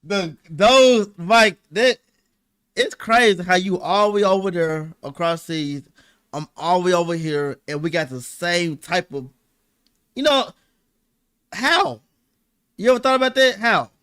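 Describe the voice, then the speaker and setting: High bright man, dry close sound. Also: unhurried, pauses often, smooth, no room sound. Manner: animated, emphatic storyteller. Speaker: streamer host. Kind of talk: casual chat on stream.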